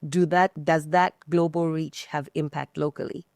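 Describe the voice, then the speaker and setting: A woman's voice: low voice, steady tone, normal speed, creaky, a little mellow, dry recording, studio quality. A woman from Nigeria hosting a panel talk, upbeat and putting questions to the guests. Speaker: host.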